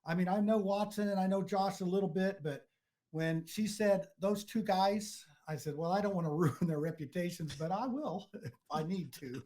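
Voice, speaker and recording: A man's voice: high voice, normal speed, warm tone. A man hosting a podcast in casual chat, rambling with many fillers and restarts. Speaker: podcast host.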